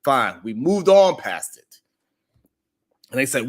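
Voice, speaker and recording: A man's voice: medium pitch, big pitch swings, takes it slowly. A man hosting a live stream, telling a story at length, acting out the voices in it and greeting his chat by name. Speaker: live stream show host. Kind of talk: animated live stream monologue.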